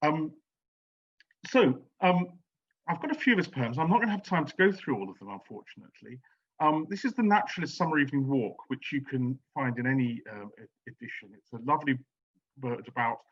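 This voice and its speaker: A man giving an academic lecture on poetry, pausing often with ums and restarting his sentences. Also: mid-range voice, expressive, breathy edge, lo-fi sound. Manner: hesitant, many ums and restarts.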